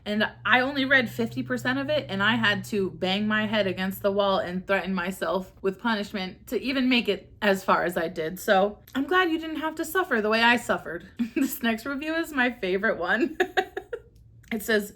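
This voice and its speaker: A woman's voice: mid-range voice, animated, normal speed, fairly bright tone. A young woman vents in a casual book-review vlog. Her delivery is sarcastic and exasperated, with frequent swearing and bursts of laughter.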